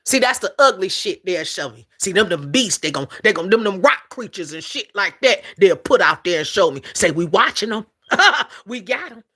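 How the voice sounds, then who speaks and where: A woman's voice: medium pitch, sing-song, normal speed, few pauses, a bit bright, slightly rough. A woman hosting a casual spiritual livestream, talking emphatically, repeating herself, laughing often and calling her listeners "collective".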